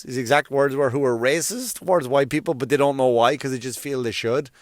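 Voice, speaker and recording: Profane rambling comedian, smooth dry voice. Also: male voice, medium pitch, brisk, hardly any pauses, no room sound. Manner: profane, rambling, with frequent restarts and filler. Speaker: stand-up comedian hosting a solo podcast. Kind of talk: casual rambling monologue. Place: around New York.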